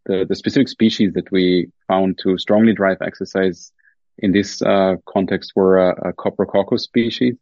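A man's voice: low voice, a little mellow, dry recording, highs cut off. A man with a German accent explaining research carefully as a podcast guest, with many fillers and restarts. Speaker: guest scientist. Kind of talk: podcast interview.

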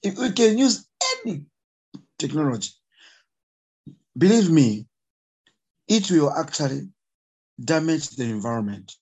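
A man with a Zambian accent speaks as a conservationist guest, his voice husky and a little higher than most men's. He is emotional and emphatic, circling back to repeat his key points. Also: sing-song, measured pace, long pauses, darkish tone, rough recording. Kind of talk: impassioned interview talk.

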